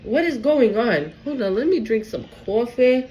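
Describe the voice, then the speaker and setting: Woman tarot reader, higher voice, emotional and cussing, faint hiss behind. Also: lively intonation, a little slow, mellow, dull audio. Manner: emotional, swearing, talks straight to the viewer. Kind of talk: casual spiritual card reading.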